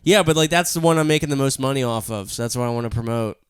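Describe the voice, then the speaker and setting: A man's voice: medium pitch, very fast, clear, resonant tone, no echo, studio quality. A young man co-hosting a podcast, a stand-up comedian in loose, crude banter who laughs and swears often.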